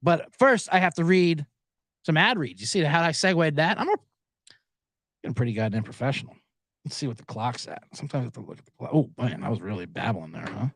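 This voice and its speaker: A man's voice: mid-range voice, expressive, fairly quick, creaky, a bit bright, no room sound. An American man hosting a solo betting podcast from a small booth, rambling in a profane, self-deprecating way. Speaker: podcast host.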